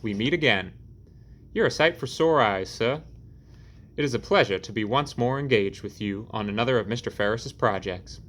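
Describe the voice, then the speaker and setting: A man's voice: medium pitch, normal speed, a bit bright, close to an everyday voice. A man voicing a courteous middle-aged former Confederate officer with a Southern accent, speaking formally, in an audiobook. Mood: cordial.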